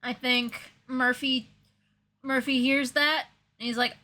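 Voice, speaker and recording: A woman's voice: high voice, little pitch movement, slow, sharp tone. A woman narrating a role-play scene casually, chatty and laughing often. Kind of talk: casual collaborative storytelling.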